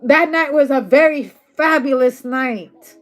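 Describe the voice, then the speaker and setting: A woman's voice: high voice, a little slow. A woman giving a casual tarot reading, talking loosely with lots of swearing and laughter. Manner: loose, profane, chatty, laughs often. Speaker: tarot reader.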